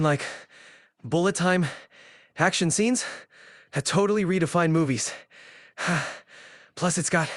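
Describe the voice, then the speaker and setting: A man's voice: fairly high pitch, a bit bright, dry recording, clean studio sound. A man talking in a casual chat, out of breath and sighing heavily between phrases.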